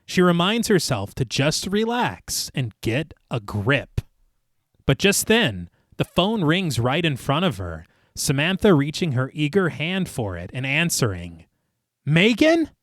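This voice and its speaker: A man's voice: a little high, unhurried, dry recording, studio quality. A man co-hosting a horror podcast, narrating a film's plot scene by scene. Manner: narrates plot at length, lively. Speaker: podcast co-host. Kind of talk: recapping a film plot.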